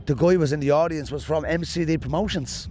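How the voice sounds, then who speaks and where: This Dublin-accented Irish man speaks a touch high, meandering through animated anecdotes the way a comedian might during an interview. He's relaxed and gets to the punchline fast.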